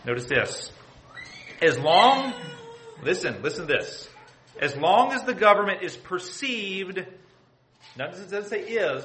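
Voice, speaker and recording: In an echoey church sanctuary, a male pastor preaches emphatically, throwing rhetorical questions at the congregation and hammering his points again and again. His voice sits in the mid-range with a sharp edge, and there's a little background noise.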